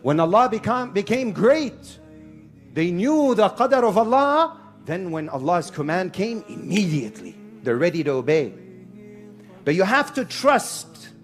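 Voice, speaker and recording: A man preaching a lively sermon to a live audience in a hall, telling stories with acted-out voices and mixing in Arabic phrases. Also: high voice, measured pace, faint music behind. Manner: animated storyteller, acts out shouting characters; mixes Arabic phrases and Quranic recitation. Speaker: Islamic preacher.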